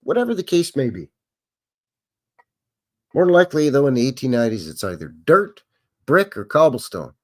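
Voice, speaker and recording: A middle-aged man hosts a relaxed livestream, rambling on and chatting with viewers as he goes. His pitch swings widely up and down, and he talks in a loose, unscripted way. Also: moderate pace, pauses often. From Canada. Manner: rambling, chatty, greets chat viewers by name. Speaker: livestream host. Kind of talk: casual live commentary over old footage.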